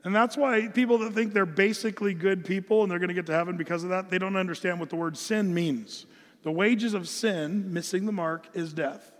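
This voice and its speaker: A man's voice: high voice, fairly even intonation, fairly quick, long reverb tail. A man from the United States preaching an earnest, emphatic Bible-teaching sermon, often restarting his phrases. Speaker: pastor.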